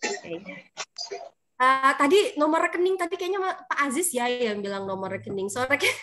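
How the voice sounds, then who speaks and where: Bright-voiced chatty woman teaching English. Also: high voice, lively intonation, fairly quick, slight background noise. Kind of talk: online English lesson.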